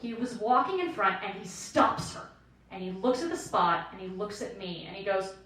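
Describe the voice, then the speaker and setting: A woman in her late twenties performing a stand-up set, telling self-deprecating stories in an animated way. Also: mid-range voice, normal speed. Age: late 20s. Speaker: stand-up comedian. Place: comedy club stage with audience laughter. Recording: echoey room, distant mic, audible noise.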